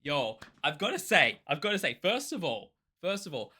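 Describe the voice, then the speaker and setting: A man from Australia hosting a music reaction channel, talking in an excitable, rambling way with quick restarts. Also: fairly high pitch. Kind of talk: casual reaction commentary.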